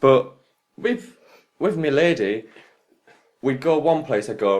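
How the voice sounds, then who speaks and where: A man's voice: medium pitch, animated, normal speed. A young man co-hosting a casual podcast, chatting loosely and swearing freely. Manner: swearing, laid-back banter. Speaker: podcast co-host. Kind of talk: casual chat. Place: attic room.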